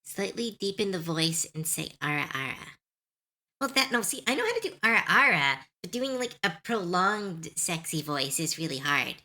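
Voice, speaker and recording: Bright, lively young woman streamer. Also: lowish voice, moderate pace, few pauses. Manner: chatty, self-deprecating, laughs often. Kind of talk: casual live-stream chat.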